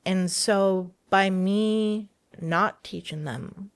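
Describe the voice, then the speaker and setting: A woman speaking as a guest in a casual interview, telling her story with lively energy. She acts out the voices of the people she quotes, laughing along the way. Her voice sits at an ordinary middle pitch, recorded dry with almost no room sound. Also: drawn-out words, clear, resonant tone, dry recording.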